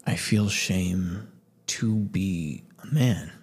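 A man co-hosting a podcast, reflecting in a halting, searching way and repeating himself as he looks for words. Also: low voice, a little mellow, breathy edge. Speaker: podcast co-host. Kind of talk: reflective personal talk.

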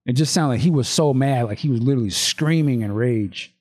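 A man chatting on a podcast as he reads a screenplay aloud. He talks loosely, breaking off with asides and restarts. His voice sits at an average pitch. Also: fairly quick, a little mellow. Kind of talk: casual chat, reading a script aloud.

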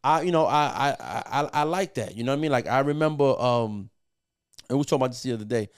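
A man's voice: medium pitch, animated, fast, clean tone. Rich: A middle-aged man with a mid-range voice, chatting as a podcast guest about his years producing music. He rambles casually, full of fillers, restarts and swearing. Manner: profane, loose, filler-heavy with many restarts. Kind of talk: casual storytelling.

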